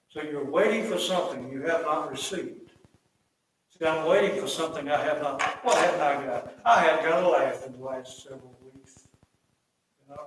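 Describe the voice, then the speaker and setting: A man in later life, preaching a folksy sermon that swells into loud, emphatic repetition. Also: on the high side, slight background noise. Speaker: pastor. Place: church sanctuary. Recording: echoey church hall, mic at a distance.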